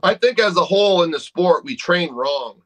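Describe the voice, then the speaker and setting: A man's voice: high voice, animated, moderate pace, a bit bright, low-quality recording. A man with a New England accent, co-hosting a podcast in casual chat, blunt and swearing freely, joking between points. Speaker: podcast co-host. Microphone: studio microphone.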